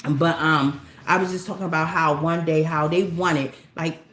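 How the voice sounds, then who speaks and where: Low-voiced Baltimore woman, earnest rambling livestream. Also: fairly even intonation, moderate pace, a bit bright. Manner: earnest, rambling, repeats herself for emphasis. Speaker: livestream host. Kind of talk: casual livestream monologue. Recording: roomy echo with faint background noise.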